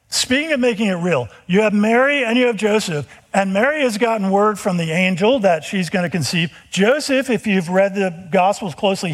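A man preaching a sermon, retelling scripture stories with animated storytelling and quick acted-out dialogue. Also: high-pitched. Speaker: pastor.

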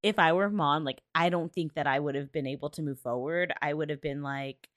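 A woman co-hosting a podcast in casual chat, blunt and swearing freely, breaking into loud laughs. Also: low-pitched, brisk, no echo, clean studio sound. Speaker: podcast co-host. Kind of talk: casual chat recapping a TV episode.

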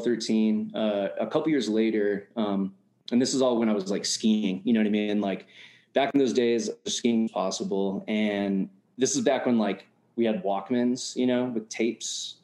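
A man's voice: on the low side, darkish tone. A man from the United States telling a story in a casual, slangy, profane way, full of fillers like "you know what I mean.". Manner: slangy, profane, laid-back. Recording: roomy echo.

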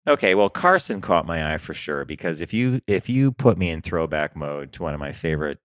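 A man co-hosting a business podcast in casual chat, an animated storyteller who laughs often. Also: sits low, a little fast, no echo, clean studio sound. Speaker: podcast co-host.

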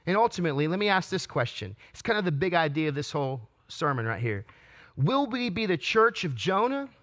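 A man's voice: fairly high pitch, fairly bright tone. A man preaching a sermon, asking earnest rhetorical questions and stumbling into restarts as he reads and explains scripture. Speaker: pastor.

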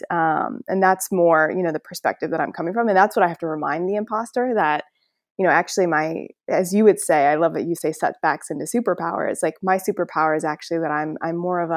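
A woman speaking as a podcast guest in casual storytelling, animated and laughing often as she acts out voices. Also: low voice, a little fast, no room sound, studio quality.

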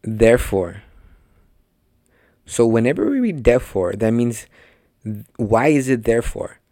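A man's voice: medium pitch, expressive, unhurried, mellow, no echo, clean studio sound. A man teaching a conversational sermon on a podcast, emphatic and speaking straight to his listeners. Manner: emphatic, talks directly to listeners. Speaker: podcast preacher.

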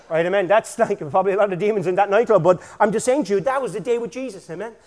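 A man preaching energetically in a church, with bursts of shouting and a constant "amen?". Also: high-pitched, quick pace, long reverb tail. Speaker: pastor. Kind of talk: sermon.

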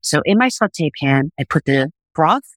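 A middle-aged woman, a food TV producer, telling a lively story as a podcast guest on a remote call. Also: low-pitched, measured pace, no echo, low-quality recording. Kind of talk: casual podcast interview.

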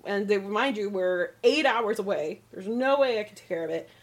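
A woman's voice: medium pitch, expressive, normal speed. Chatty woman telling a rambling story. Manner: chatty, rambling, laughs often. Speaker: podcast co-host. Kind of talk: casual chat, storytelling.

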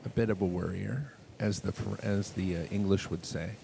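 A man talks through his own podcast in a loose, wandering monologue, poking fun at himself as he goes. His voice sits a little low, but he keeps leaping up loud and bright when he gets excited, then drifting back down. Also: normal speed, vocal fry, few pauses, a little hiss or hum. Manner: rambling, self-mocking humor; sudden bursts of loud, high enthusiasm. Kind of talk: casual monologue.

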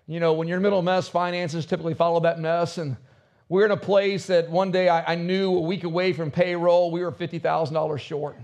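A man's voice: high voice, a little mellow. A man preaching a sermon as pastor, with rising and falling emphasis.

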